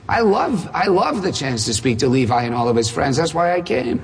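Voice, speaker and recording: A man's voice: fairly high pitch, sing-song, brisk, hardly any pauses, slight background noise. A man preaching a sermon, firing off emphatic rhetorical questions with touches of dry humor. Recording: reverberant hall.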